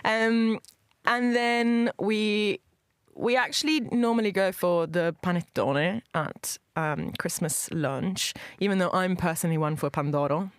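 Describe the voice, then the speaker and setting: A woman from Italy who hosts a food podcast, talking in a lively, laughing way in a radio studio. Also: fairly low pitch, unhurried, clean tone, dry recording.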